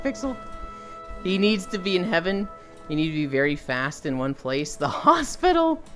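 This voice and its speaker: A woman streamer chatting with viewers, telling stories, swearing freely and acting out the people in them. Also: lowish voice. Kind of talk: casual chat with viewers.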